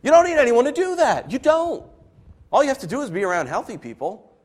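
Male pastor, sermon, high voice, very animated delivery, loud to soft swings. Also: brisk.

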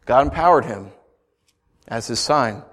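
Animated male pastor preaching. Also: mid-range voice, a little slow. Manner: animated, conversational, playful asides. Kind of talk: sermon.

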